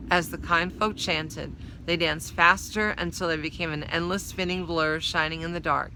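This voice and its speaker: Woman reader, measured and expressive, narrating a children's story; very bright tone. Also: on the low side, slight background noise, poor audio. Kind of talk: reading a children's novel aloud.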